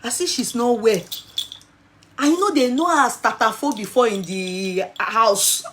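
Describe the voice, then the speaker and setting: A woman in her forties with a Nigerian accent, telling a personal story in an animated way and slipping into Nigerian Pidgin. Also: on the high side, measured pace, a little hiss or hum.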